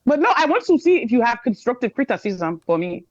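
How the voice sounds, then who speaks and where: A woman's voice: a little high, very animated, fast talker, no room sound. Playful woman on a muffled call. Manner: playful, giggly. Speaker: podcast guest. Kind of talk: casual banter. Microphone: remote call.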